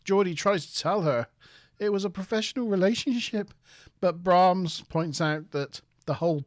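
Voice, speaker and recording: A man recapping a TV episode in casual chat with co-hosts, dropping dry sarcastic asides. His voice sits a little high. The sound is dry and close, with no room echo. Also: moderate pace. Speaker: podcast co-host.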